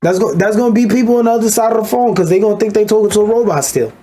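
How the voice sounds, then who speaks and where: A man's voice: sits high, very fast, dark tone, a little hiss or hum. A man giving a blunt, profane, ranting commentary as he reacts to a video.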